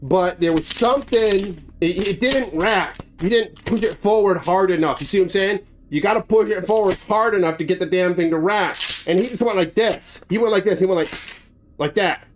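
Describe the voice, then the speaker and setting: A man's voice: high voice, moderate pace, slight background noise. A man telling a gruesome story in a casual spoken way, acting out sound effects and swearing freely. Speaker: storyteller host.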